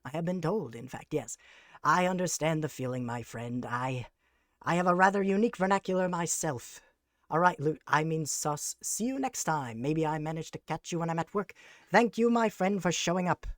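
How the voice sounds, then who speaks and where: A streamer chatting live on a desk mic, using grand, formal, mock-villainous phrasing with sarcastic deadpan jokes. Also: mid-range voice, moderate pace, no room sound, clean studio sound. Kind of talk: casual live-stream chat.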